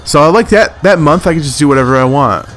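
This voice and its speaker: A man's voice: fairly high pitch, animated, fast talker, a bit bright, slight background noise. A man giving casual, rambling commentary over his own gameplay footage, full of fillers and self-corrections. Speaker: gaming commentator.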